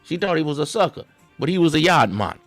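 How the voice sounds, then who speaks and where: A man's voice: on the high side, big pitch swings, quick pace, music in the background. Rambling man with a slangy drawl. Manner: rambling, repeats "see" and stutters on restarts. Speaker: host reacting to clips. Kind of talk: satirical commentary.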